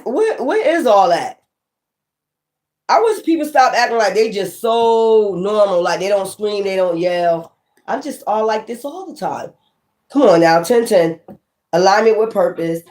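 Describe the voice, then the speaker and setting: Casually reading tarot for her viewers, this woman rambles emphatically and curses without restraint, her volume lurching between near-shouting and quiet muttering.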